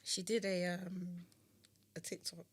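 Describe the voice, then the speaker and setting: A young woman co-hosting a casual podcast chat, expressive and playful, with a mock-outraged edge. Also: on the low side, a little slow, slightly rough. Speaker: podcast co-host.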